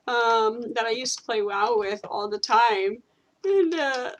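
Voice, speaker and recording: A woman's voice: on the high side, animated, takes it slowly. A woman from the United States hosting a gaming channel, chatting casually while she plays, giggling often and filling gaps with ums. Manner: giggly and chatty, many fillers. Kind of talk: casual chat while playing a game.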